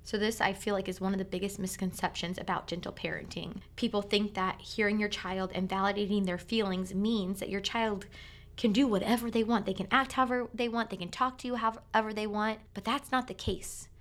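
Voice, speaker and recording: A woman's voice: mid-range voice, fairly even intonation, fairly quick. A woman in her thirties hosting a solo podcast, talking in a casual, conversational way with many filler words. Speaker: podcast host.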